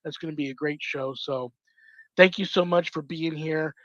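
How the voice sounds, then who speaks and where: A man's voice: fairly high pitch, steady tone, moderate pace, dry recording. Effusive male host, muffled lo-fi sound. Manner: effusive, affectionate. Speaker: show host. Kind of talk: casual sign-off chat with guests. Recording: dull lo-fi sound.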